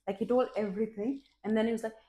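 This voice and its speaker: A woman vlogger telling a personal story in a candid, expressive, casual way, swearing freely and poking fun at herself. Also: fairly high pitch, fast. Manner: candid and expressive, with frequent swearing and self-mocking humor. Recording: roomy echo.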